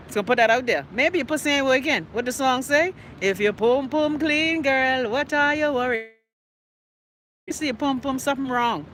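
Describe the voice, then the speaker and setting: A woman's voice: a little high, pushed and bright, a little hiss or hum. A middle-aged woman with a Bahamian accent hosting a live talk show. She rants in a brash, profane way and teases her viewers by name. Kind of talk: casual live-stream rant.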